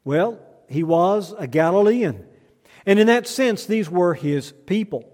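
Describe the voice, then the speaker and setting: A man delivers a sermon in a large church, speaking in a fairly high register. His delivery is measured, built on rhetorical questions with the occasional dry aside. A long reverb hangs behind every phrase. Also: expressive, a little mellow. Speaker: preacher. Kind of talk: sermon with spoken litany.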